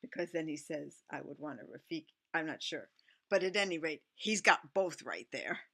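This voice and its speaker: A woman's voice: deep voice, animated, normal speed, creaky, fairly bright tone. A middle-aged woman reading a picture book aloud, chatting and musing between lines and playing the animal sounds. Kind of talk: casual read-aloud with asides.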